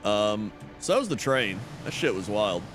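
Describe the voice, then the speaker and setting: Young guy streaming, just rambling and cussing his way through a story, very lively pitch. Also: normal speed, soft background music. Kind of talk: casual chat.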